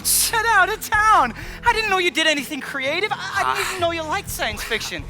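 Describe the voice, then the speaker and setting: A man's voice: very high voice, expressive, a little fast, bright, forceful tone, faint music behind, exaggerated voice. An actor playing a nervy teenage boy who travels in time, in a stage musical, with a jittery, startled delivery.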